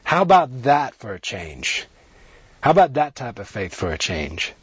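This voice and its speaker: A man delivers an earnest sermon, stacking repeated phrases and pressing his points with rising emphasis. His voice is a little husky, at an ordinary pitch for a man. The recording is dry and dull, with a muffled lo-fi edge. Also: big pitch swings, normal speed, dry recording. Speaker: preacher.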